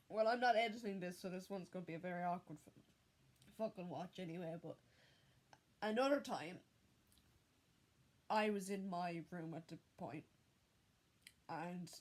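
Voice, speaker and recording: A young woman telling a personal story in an unedited vlog, candid and full of swearing, with halting restarts. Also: lowish voice, a little mellow. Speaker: vlogger.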